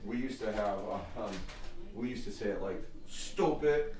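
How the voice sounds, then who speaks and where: A man co-hosting a casual livestream, trading easygoing banter and quick side comments. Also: fairly low pitch, steady tone, a little mellow, low-quality recording. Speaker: livestream co-host. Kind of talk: casual chat during a draft livestream.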